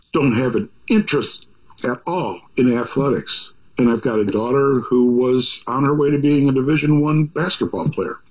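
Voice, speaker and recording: A man's voice: mid-range voice, rough recording. An older man, an author, talking in a rambling, folksy, reflective way full of asides and restarts. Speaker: author talking about his book. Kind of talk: reflective conversational monologue.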